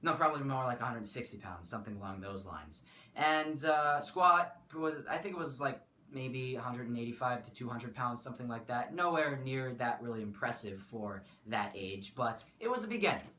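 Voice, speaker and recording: A man's voice: mid-range voice, expressive, moderate pace, bright, forceful tone. A teenage boy from the United States chatting casually in a vlog, rambling and correcting himself as he goes. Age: teens. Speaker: vlogger. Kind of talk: casual talking-head vlog. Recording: echoey room, faint room noise.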